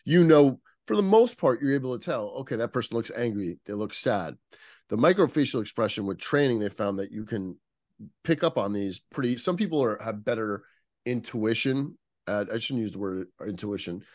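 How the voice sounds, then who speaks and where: On a casual podcast interview, a male guest who instructs people in nonverbal communication speaks at a normal speed. His medium-pitched voice is animated and a little mellow, and he stops occasionally to find the right word while explaining like a teacher. There's no echo, just clean studio sound.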